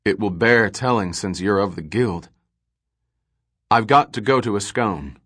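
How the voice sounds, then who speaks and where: A man's voice: fairly low pitch, unhurried, a bit bright, slightly rough. A man voicing a weary, gloomy male space trader who talks in clipped, wry remarks. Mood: guarded.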